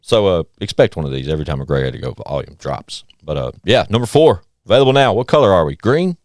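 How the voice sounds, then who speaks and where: A man's voice: deep voice, fast talker, no echo, clean studio sound. A man hosting a casual podcast, hyping things up and swearing freely. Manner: hype, animated, swears freely. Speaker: podcast host.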